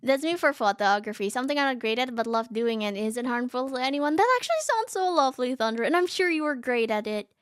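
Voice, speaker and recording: A woman streamer reading a story aloud and reacting in casual chat, animated and giggly, often laughing. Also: high-pitched, quick pace, few pauses, smooth, no room sound, studio quality. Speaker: VTuber streamer.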